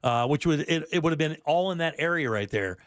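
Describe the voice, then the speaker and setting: A man hosts a talk-radio show in a loose, chatty way, laughing often between stories. His voice sits a little high for a man. The studio microphone sounds close and completely dry. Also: animated, a little fast, no echo. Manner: chatty, laughs easily, reads listener texts aloud. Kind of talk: casual talk-radio banter.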